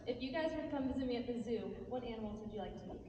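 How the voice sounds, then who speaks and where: A woman's voice: on the high side, racing, dull audio. A woman who works as a zookeeper, asking a convention panel a friendly, slightly shy question. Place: large convention hall. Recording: echoey hall, far off, crowd noise.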